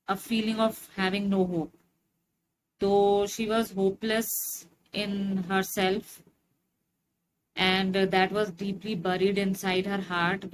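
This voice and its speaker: Slow-paced woman teacher explaining a story. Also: medium pitch, slight background noise, rough recording. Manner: slow, explanatory, frequent fillers. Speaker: English teacher.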